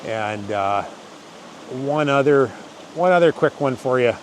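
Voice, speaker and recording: Guy rambling thru his hunting stories, average pitch, a bit of faint hiss behind. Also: unhurried. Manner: rambling, restarts, animated yells in quoted parts. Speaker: channel host telling hunting stories. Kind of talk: casual storytelling to camera.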